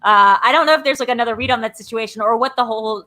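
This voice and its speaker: Fast, bright-voiced woman co-host. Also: fairly high pitch. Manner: animated, acts out quotes in exaggerated voices. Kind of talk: casual movie discussion.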